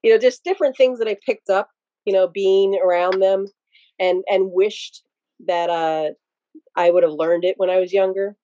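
A woman's voice: medium pitch, steady tone, moderate pace, warm tone, muffled recording. A woman from Pennsylvania, a podcast guest, telling casual stories in a rambling, digressive way with many restarts. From Pennsylvania, USA. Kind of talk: casual interview storytelling.

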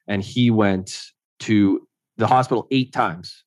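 A man from Ontario, Canada, appears as an interview guest, speaking slowly in a lowish voice on a dry recording. He tells personal stories conversationally, often acting out what others said and frequently saying "like."

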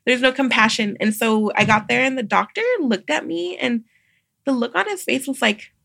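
Animated woman telling a story, gravelly edge. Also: fairly high pitch, moderate pace, dry recording, studio quality. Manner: animated, acts out quoted voices, laughs often. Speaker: podcast guest, midwife. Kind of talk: casual storytelling.

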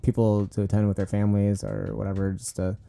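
Young man, co-host; very deep and dark, rambling and filler-heavy. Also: monotone, fast, vocal fry. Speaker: podcast co-host, nursing student. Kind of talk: casual chat.

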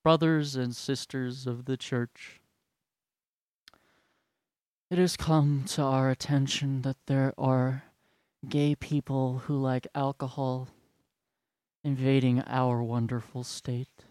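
A man putting on the voice of a droning older male church elder, preaching in a slow, solemn monotone. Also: mid-range voice, no room sound, clean studio sound, close to an everyday voice. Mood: pompous droning.

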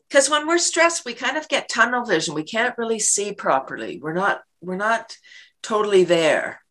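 Laughing, lively woman on an interview. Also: medium pitch, moderate pace. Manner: laughs often, acts out little quoted scenes. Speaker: guest, laughter yoga leader and worm business owner. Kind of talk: enthusiastic interview talk.

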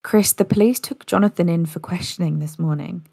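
A distraught, tearful mother, read out by a woman narrator speaks with a low, gravelly voice in a dry, close sound. She pleads softly, her grief under every word. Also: fairly quick, no room sound.

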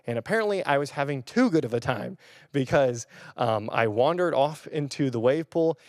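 A man's voice: medium pitch, lively intonation, normal speed, darkish tone, no echo, clean studio sound. A young man, a pastor, giving a casual sermon on camera. He talks in a chatty, rambling way with fillers and restarts. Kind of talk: casual sermon with personal story. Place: church or room filmed on camera.

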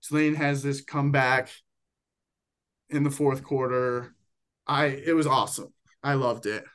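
A man's voice: mid-range voice, fairly even intonation, measured pace, fairly bright tone. A young man co-hosting a podcast, chatting casually and rambling through football picks with plenty of self-corrections. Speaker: podcast co-host. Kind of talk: casual sports chat.

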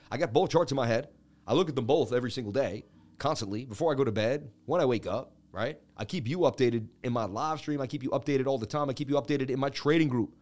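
A middle-aged man hosting a crypto trading livestream, salesy and pumped up, calling viewers baby. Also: mid-range voice. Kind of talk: hyped livestream chart talk.

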